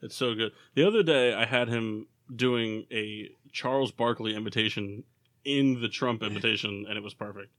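A man's voice: on the low side, moderate pace, fairly bright tone, dry recording, studio quality. A man co-hosting a casual sports podcast, laughing often and steering the segments. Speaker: podcast co-host. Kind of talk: casual chat among friends.

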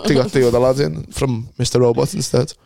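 A man's voice: mid-range voice, steady tone, creaky, mellow, no echo. A man with a Liverpool accent, a comedian telling sweary stories in casual podcast chat. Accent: Scouse. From Liverpool, England. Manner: swearing, storytelling, quick anecdotes.

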